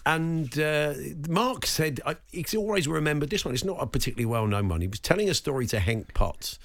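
A man's voice: a little high, expressive, a little fast. A male sports radio host bantering and laughing often with his co-host.

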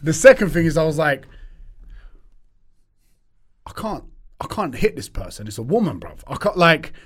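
Podcast guest, male; husky, animated storyteller, casual chat. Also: fairly high pitch, normal speed. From Turkish heritage. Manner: animated storyteller, laughs often, British slang.

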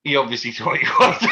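A man's voice: a little high, pushed and bright. A man chatting casually as a podcast co-host, often checking for agreement with tag questions. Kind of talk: casual chat. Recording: dull lo-fi sound.

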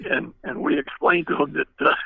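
A man's voice: fairly high pitch, fairly even intonation, normal speed, gravelly, slightly rough, no room sound. Older man, rambling anecdotes, fillers and restarts, dry sound, phone-like audio. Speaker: retired car designer, interview guest. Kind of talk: anecdotal storytelling. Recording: tinny phone-like line, dry.

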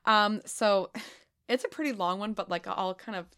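A woman co-hosting a casual podcast, reading spooky legends aloud in a playful, giggly way with dramatic pauses. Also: mid-range voice, fairly bright tone. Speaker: podcast co-host.

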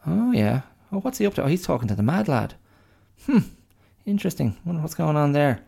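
A man voicing a pair of chatty, curious pigs who gossip and fret in high voices. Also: big pitch swings, brisk, creaky, mellow, breathy edge, exaggerated voice. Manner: gossipy, puzzled, then fretful.

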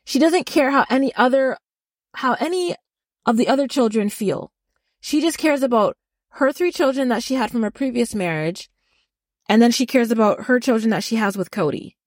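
A woman's voice: on the high side, no room sound, clean studio sound. A woman co-hosting a podcast, giving a blunt, heated recap rant and swearing freely. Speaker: podcast co-host. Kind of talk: casual reality-TV recap rant.

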